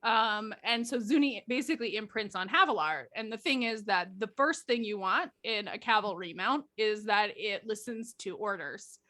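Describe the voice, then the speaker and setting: A woman's voice: medium pitch, normal speed, hardly any pauses, bright, forceful tone. A woman guest chatting casually, telling stories with animation and frequent laughter. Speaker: guest author. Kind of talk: casual storytelling chat.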